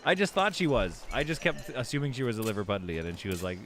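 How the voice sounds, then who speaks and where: A man's voice: mid-range voice, sing-song, fast, fairly bright tone. A man giving casual live commentary while he plays a city-building game, rambling and correcting himself as he thinks aloud.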